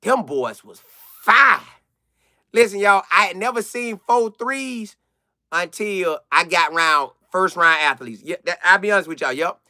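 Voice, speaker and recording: Excitable man, bright high voice. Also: a little slow, no room sound, studio quality. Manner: animated, excitable, repeats phrases for emphasis. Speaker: live-stream host answering chat. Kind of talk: casual live chat commentary.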